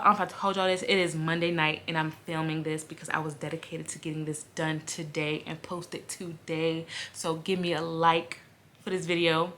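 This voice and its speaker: A woman's voice: lowish voice, slight background noise. A woman reviewing romance books in a casual vlog, chatty and emotional, often saying "y'all" and laughing as she gushes. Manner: gushing and animated, laughs while talking. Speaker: book vlogger.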